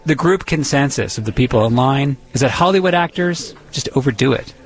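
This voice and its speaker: A man's voice: medium pitch, animated, fairly quick, soft background music. A man from the Boston area hosting and narrating a documentary podcast in a wry, conversational way. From Boston area, USA. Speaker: podcast host.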